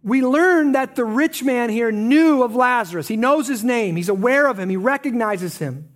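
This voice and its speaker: A pastor preaching a sermon, moving between emphatic points and low, quiet stresses. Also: expressive, moderate pace.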